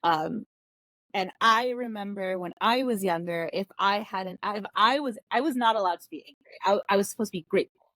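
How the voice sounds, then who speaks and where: A woman's voice: medium pitch, a little fast, fairly bright tone, no echo. Blunt, candid woman on a podcast. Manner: candid, blunt, quotes her kids in dialogue. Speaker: podcast guest. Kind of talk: casual podcast conversation.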